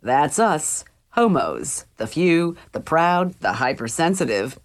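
A chatty, theatrical teen boy, as a woman reader puts him on, teasing and gushing at his friend. The voice sits low and a touch deeper than the narration. It is a storybook character read aloud for an audiobook. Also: sing-song, slow, exaggerated voice. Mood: playful.

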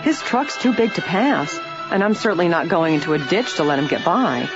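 A woman's voice: fairly low pitch, animated, brisk, dull audio, over music, close to an everyday voice. A woman voicing a confident, resourceful teenage girl detective who speaks decisively.

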